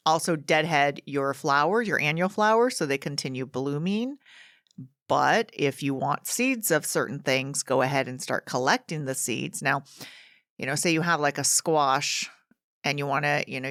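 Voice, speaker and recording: Low-voiced chatty woman gardening host. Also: fairly bright tone, no echo, clean studio sound. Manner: chatty and rambling, with restarts. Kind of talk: casual podcast chat.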